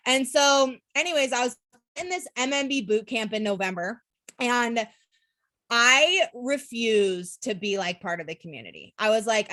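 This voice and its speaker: A young woman from Utah tells her story straight to camera, chatty and unfiltered. She peppers her talk with "like" and "literally" and swears without a second thought. Her voice sits at an ordinary middle pitch for a woman. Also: expressive, moderate pace, sharp tone, dry recording. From Utah, USA. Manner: candid, swearing, lots of "like" and "literally". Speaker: network marketing seller.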